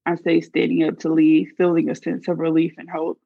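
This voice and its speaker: Gravelly woman reading her own story. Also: on the low side, little pitch movement, normal speed, dry recording, muffled recording. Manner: earnest, confessional. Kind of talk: first-person story reading.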